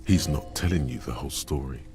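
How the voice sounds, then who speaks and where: An actor voicing a wry inner narrator in a detective video game, with a deep, gravelly voice and dry, knowing remarks. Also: male voice, fairly quick, a little mellow, soft background music.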